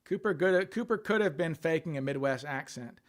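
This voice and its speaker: A man's voice: a little high, animated, fairly quick. Chatty man musing on a livestream. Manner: thinks aloud, reads and answers viewer chat. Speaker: livestream host. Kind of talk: casual livestream chat.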